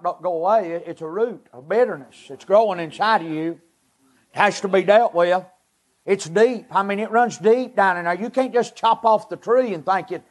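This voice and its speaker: A man delivers a personal testimony from the pulpit. His voice sits very high for a man. He speaks in earnest, halting, short phrases. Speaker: preacher giving a personal testimony. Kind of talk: emotional testimony sermon.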